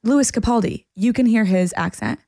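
A woman's voice: on the high side, normal speed, creaky, dark tone, dry recording, clean studio sound. A woman co-hosting a podcast in casual chat, musing thoughtfully and easily. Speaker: podcast co-host.

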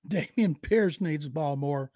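A man's voice: a little high, unhurried, mellow, no room sound. An older man co-hosting a sports podcast, giving dry, matter-of-fact takes on football. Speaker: football writer and co-host.

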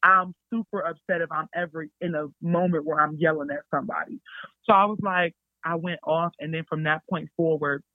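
A young woman, a basketball player and podcast guest, telling stories in a chatty, animated way and calling her listeners y'all. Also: low voice, a little fast, no room sound. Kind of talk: casual storytelling. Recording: dry tinny phone-like sound.

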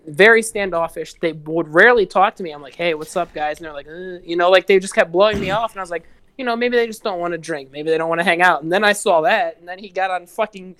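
A man's voice: high voice, fast, fairly bright tone, dry recording. Rambling, foul-mouthed guest man. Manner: rambling, profane, heavy use of "like". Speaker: guest musician. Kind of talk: casual podcast chat.

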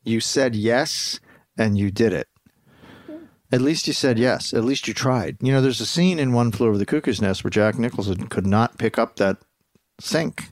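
A man's voice: mid-range voice, moderate pace, no room sound. Mock-serious joking man, dry sound. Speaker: podcast co-host. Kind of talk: casual podcast banter.

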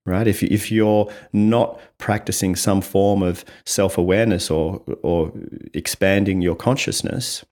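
A man's voice: sits low, measured pace, few pauses. A man, a visiting communication coach explaining ideas step by step in an interview. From Australia. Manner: explains step by step, often tags with "right?", animated when acting out examples.

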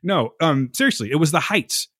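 Podcast dude getting worked up, cussing and laughing, bouncy voice, dead dry sound. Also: male voice, a little high, expressive, normal speed, a bit bright, no room sound. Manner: heated, swearing, laughs often. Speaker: podcast co-host. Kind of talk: casual chat.

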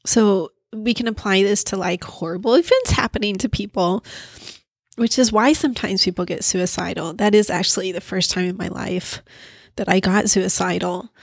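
Woman therapist with a gravelly edge. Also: medium pitch, normal speed, dry recording, studio quality. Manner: conversational, thinking aloud. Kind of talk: casual teaching talk.

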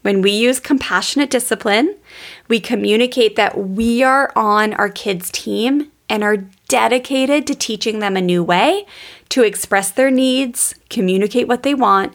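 Gravelly-voiced chatty woman podcaster. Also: mid-range voice. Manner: chatty, storytelling, addresses listeners as guys. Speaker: parenting educator. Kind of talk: podcast teaching monologue.

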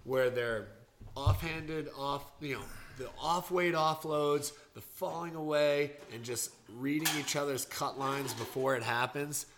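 A man in a casual panel chat, lively and joking, with quick asides about rugby. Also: a little high, slight background noise.

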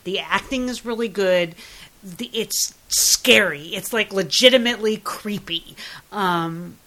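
A woman's voice: mid-range voice, unhurried, bright, forceful tone, low-quality recording. A woman co-hosting a podcast, chatting in an opinionated, casual way about TV shows. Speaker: podcast co-host. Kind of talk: casual chat reviewing TV and films.

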